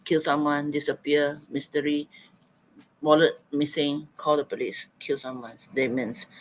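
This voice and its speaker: A man leads an online writing lesson, prompting students to answer in the chat. He thinks out loud and reads their suggestions back to them. His voice sits a little high for a man. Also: fairly quick, poor audio. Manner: coaxing, thinking aloud, repeating students' answers. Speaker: teacher.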